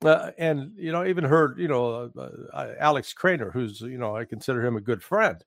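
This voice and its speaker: A man giving political commentary in conversation, emphatic and halting, with restarts and fillers. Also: mid-range voice, animated, gravelly, no echo, studio quality. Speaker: guest commentator.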